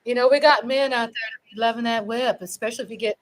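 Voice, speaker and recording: A middle-aged woman hosts a casual livestream, chatting in a lively way and swinging between loud cheering and low asides. She talks fast, and the audio quality is poor.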